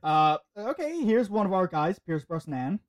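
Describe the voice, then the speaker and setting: A man's voice: high voice, very animated, normal speed. A man guesting on a casual podcast, reading facts off a list in a dry way.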